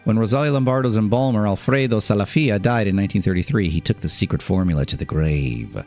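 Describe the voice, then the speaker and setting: A man's voice: lowish voice, animated, fast talker, darkish tone, faint music behind. A man streamer reading an article aloud on a live stream, with casual asides and laughs in between.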